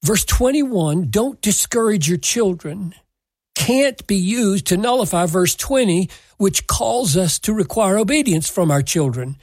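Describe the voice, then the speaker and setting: Husky, unhurried Bible teacher; deliberate, emphatic delivery that quotes scripture verbatim. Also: medium pitch, a little mellow, no room sound. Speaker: Bible teacher answering a listener question.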